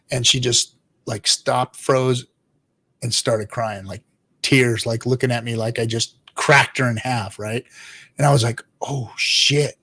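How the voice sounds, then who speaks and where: A man who is a father hosts a casual livestream, reading chat and answering in a rambling, profane way. He laughs often and sometimes drops to low mutters. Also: fairly even intonation, measured pace, fairly bright tone. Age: adult father.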